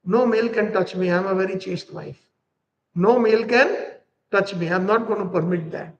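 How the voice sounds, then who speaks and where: A man's voice: high-pitched, moderate pace, vocal fry, roomy sound, muffled recording. A man voicing a feeble young wife who firmly refuses help in a story. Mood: refusing.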